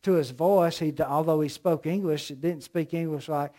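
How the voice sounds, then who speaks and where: A man's voice: a little high, normal speed, warm tone. A middle-aged man from the American South with a Southern accent, preaching a sermon with emphatic, storytelling delivery.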